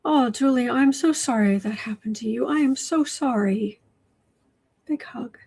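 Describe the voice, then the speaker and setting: A woman hosting a casual livestream at her desk, reading viewer comments aloud and often dropping into soft asides. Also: on the high side, slightly rough. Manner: slow, drops to soft asides and whispers. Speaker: livestream host reading chat. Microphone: desk microphone.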